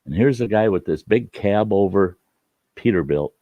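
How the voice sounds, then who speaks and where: A man's voice: lowish voice, animated, moderate pace, no echo, phone-quality sound. A man telling a folksy story in a rambling, casual way, hosting his own show and often restarting his sentences. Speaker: storyteller host.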